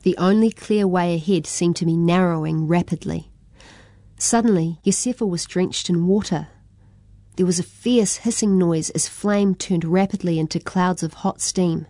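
A woman's voice: lowish voice, fairly even intonation, moderate pace, dark tone, no room sound. A woman reading a children's adventure story aloud.

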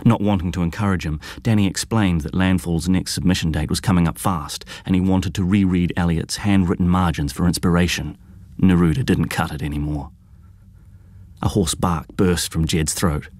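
Deep-voiced male audiobook narrator. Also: steady tone, moderate pace, darkish tone, dry recording.

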